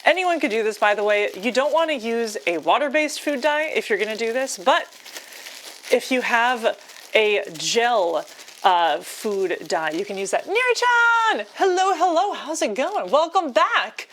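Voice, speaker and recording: A woman live streamer chatting casually with her viewers while cooking, excitable and giggly, often laughing mid-sentence. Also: fairly high pitch, a little slow, a little hiss or hum. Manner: chatty, addresses viewers as y'all and chat.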